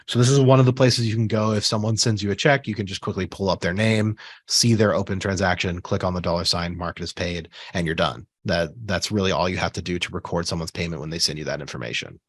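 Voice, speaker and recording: A man giving a relaxed screen-share software tutorial, talking casually with fillers and asides while he has the hiccups. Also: deep voice, quick pace, husky, no room sound. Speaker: software trainer.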